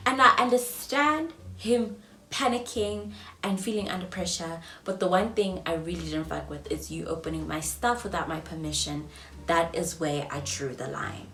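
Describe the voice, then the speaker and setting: A young South African woman in her twenties telling a storytime vlog, swinging between loud outbursts and hushed whispers. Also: fairly low pitch, a little slow, a little hiss or hum. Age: 20s. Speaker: vlogger. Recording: roomy echo, mic at a distance, faint ambience.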